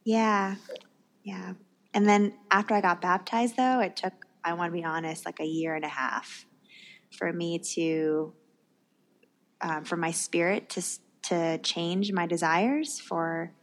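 A woman's voice: fairly low pitch, steady tone, measured pace. A young woman speaking candidly and earnestly as a guest, telling her personal faith story.

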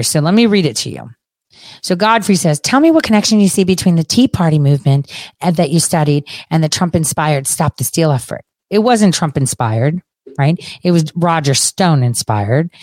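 A woman's voice: on the low side, no room sound. A woman giving political commentary. She reads out an interview and argues back at it in an emphatic, combative way, speaking straight to her audience. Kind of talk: reading an interview aloud and commenting on it.

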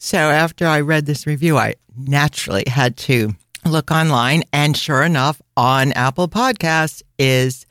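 A woman's voice: low voice, measured pace, hardly any pauses, a bit bright, no room sound. Woman podcast host, chatty and easygoing, reading listener reviews aloud over a dry close mic. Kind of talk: casual podcast chat.

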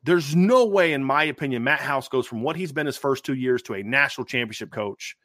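A man's voice: mid-range voice, expressive, a little fast, a bit bright, no room sound. A man co-hosting a casual sports podcast, emphatic and full of restarts and rhetorical questions, recorded on a close, dry mic. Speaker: podcast co-host, football analyst.

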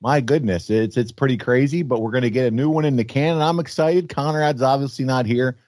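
A man hosting a podcast in casual chat, upbeat and quick to laugh, his voice a bit froggy this early in the morning. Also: medium pitch, a little mellow, dry recording, clean studio sound. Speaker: podcast host.

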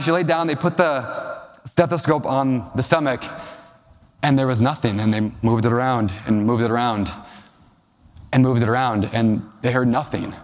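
A man giving a talk as a real estate investor, telling emotional personal stories to a live audience and asking them questions. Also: medium pitch. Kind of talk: storytelling keynote to a live audience. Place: large hall with an audience. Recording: long hall reverb.

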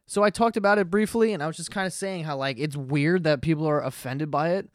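A man's voice: on the high side, quick pace, no echo, clean studio sound. A young man, hosting a podcast as a profane, rambling comedic monologue. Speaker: podcast host.

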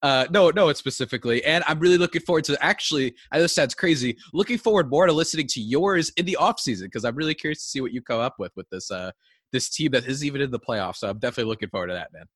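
A man's voice: medium pitch, animated, racing, fairly bright tone, breathy edge, no room sound. Male podcast host, upbeat casual talk, close dry mic. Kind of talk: casual sports podcast chat.

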